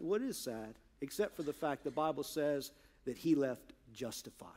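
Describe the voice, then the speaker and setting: A male pastor preaching a sermon in church, earnest, moving from hushed asides to emphatic, stressed points. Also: on the high side, expressive, moderate pace.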